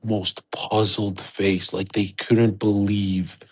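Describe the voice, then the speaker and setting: A man's voice: lowish voice, level tone, takes it slowly, husky. A man livestreaming, telling a rambling, profane, boastful story in a casual way.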